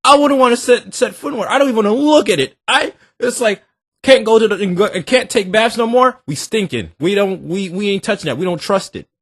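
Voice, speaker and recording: A man hosting a reaction video, talking in animated, joking, slangy banter. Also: high voice, a little fast, no echo, clean studio sound. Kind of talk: casual reaction commentary.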